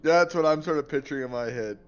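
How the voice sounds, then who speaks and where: A man's voice: fairly high pitch, fast talker, smooth, muffled recording, soft background music. A man playing a tabletop game, chatting casually and rambling with lots of fillers. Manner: rambling, many fillers, laughs often. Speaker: player.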